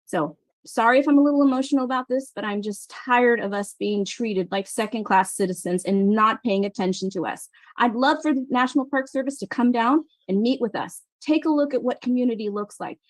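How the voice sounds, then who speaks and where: Fired-up woman on city council, higher voice, dry close sound. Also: no echo. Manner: impassioned, emphatic, halting restarts. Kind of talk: council meeting remarks.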